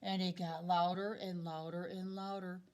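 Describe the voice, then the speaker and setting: A woman, a second-grade teacher, reading a picture book aloud to children in a slow, expressive, dramatic way. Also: on the low side.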